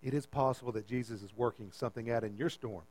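A man's voice: medium pitch, fast, darkish tone, rough recording. A man preaching a sermon as pastor, emphatic and repeating his phrases as he calls out to the congregation.

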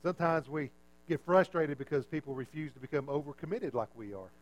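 High-voiced preacher, chatty and wry. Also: male voice, brisk. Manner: conversational, self-mocking, drops voice for punchlines. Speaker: pastor. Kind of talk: sermon.

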